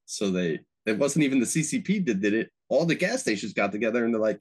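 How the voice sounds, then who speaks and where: A man with a low, husky voice in relaxed podcast chat. He tells stories with real energy, swearing freely and springing his pitch way up whenever he acts out someone else's lines. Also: fast talker, hardly any pauses. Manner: animated storyteller, acts out quotes with sharp pitch jumps, swears freely. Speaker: podcast host. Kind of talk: casual chat.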